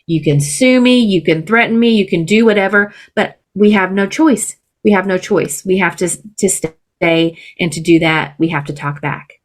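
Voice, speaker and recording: A woman's voice: medium pitch, moderate pace. A woman from the Southern United States, a political candidate speaking as a podcast guest in earnest, emphatic casual conversation. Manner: earnest and emphatic, with laughs and restarts.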